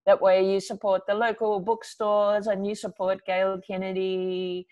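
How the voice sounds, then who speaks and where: A woman's voice: mid-range voice, little pitch movement, measured pace, a little mellow, muffled recording. A woman hosting a live online book event, chatty and encouraging with many fillers.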